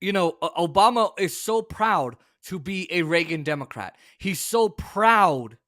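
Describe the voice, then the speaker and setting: A man's voice: high voice, animated, unhurried, a bit bright, no echo, clean studio sound. A man hosting a talk show, ranting about politics in a heated, profane way with stumbling restarts. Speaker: host. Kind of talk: political rant.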